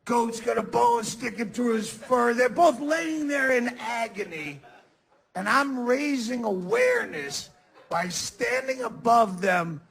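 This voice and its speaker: Gravelly, high-pitched ranting comedian. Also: male voice, very animated, slow, low-quality recording. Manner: ranting, sarcastic, mock-shouting. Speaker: stand-up comedian. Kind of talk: stand-up comedy set. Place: comedy club stage. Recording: live club recording with audience laughter. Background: audience laughter.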